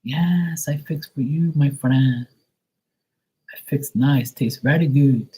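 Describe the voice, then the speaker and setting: A woman's voice: rumbling low, slow pace, dark tone, husky, voice pushed up, full character voice, poor audio. A man voicing an eager Portuguese woman cook who speaks broken English with a Portuguese accent.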